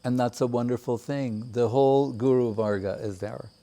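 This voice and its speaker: A man giving a measured, reflective devotional talk with many pauses. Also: medium pitch, steady tone, dark tone. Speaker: spiritual teacher. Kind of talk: devotional discourse.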